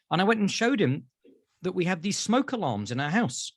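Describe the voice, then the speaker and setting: British therapist guy, really animated, acts out voices, dry mic. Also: high voice, moderate pace, no room sound. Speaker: therapist guest. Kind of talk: animated storytelling in interview.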